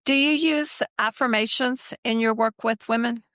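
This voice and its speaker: A woman's voice: fairly high pitch, steady tone, normal speed, sharp tone, no room sound, clean studio sound. A woman hosting a podcast interview, asking questions and giving brief encouraging prompts. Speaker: podcast host.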